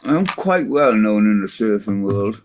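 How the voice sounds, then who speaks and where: An older man, a skateboard maker, chatting with a friend and telling lively stories with plenty of swearing and laughter. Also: on the low side, normal speed, a little hiss or hum. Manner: storytelling, swears freely, laughs often. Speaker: custom skateboard maker, podcast co-host. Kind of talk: casual chat between friends.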